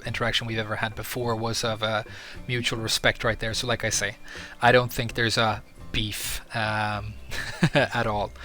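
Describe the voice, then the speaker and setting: A young adult man talking casually about the gaming community, rambling with many filler pauses. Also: lowish voice, pushed and bright. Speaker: Tekken YouTuber. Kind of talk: casual monologue.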